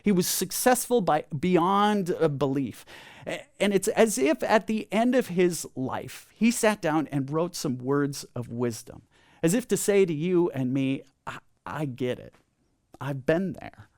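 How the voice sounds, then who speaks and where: A man delivers a sermon from a church sanctuary. His voice sits fairly high, and he builds into emphatic lists before tripping into stammered restarts and quick chuckles. He calls the congregation to repeat lines back with him. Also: no echo, clean studio sound. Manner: animated preaching, builds to emphatic lists, leads congregation call-and-response. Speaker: pastor.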